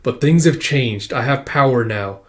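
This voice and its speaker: A man reading aloud from a comic and voicing a brash, defiant older male storyteller in a casual, gruff way. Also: mid-range voice, a little slow, fairly bright tone, close to an everyday voice.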